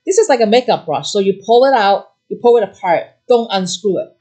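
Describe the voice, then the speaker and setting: A middle-aged woman hosting a craft shop demo chats quickly about the products in front of her, her mid-range voice animated and a little mellow. She explains how each item works in fast, eager bursts that trail into fillers and restarts.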